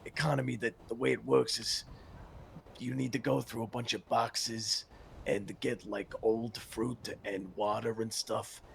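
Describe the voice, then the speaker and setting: A man's voice: mid-range voice, level tone, measured pace, gravelly, slight background noise. A man chatting in character in a role-play game, rambling with lots of filler words. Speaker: roleplay game player. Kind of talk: casual in-character chat.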